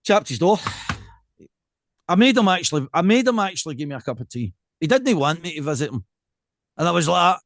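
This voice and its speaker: Lively Scottish man with a fairly high voice. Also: brisk, no room sound, studio quality. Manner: animated and jokey, tells stories with quoted asides. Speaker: podcast co-host. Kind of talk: casual podcast chat.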